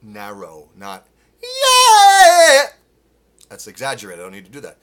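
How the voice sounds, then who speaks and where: A man teaching singing live, explaining technique with restarts and breaking into loud sung demonstrations. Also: sits low, fast talker. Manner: demonstrates with loud sung grunts and vocal exercises. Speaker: vocal coach. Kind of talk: live-streamed singing lesson. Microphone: phone.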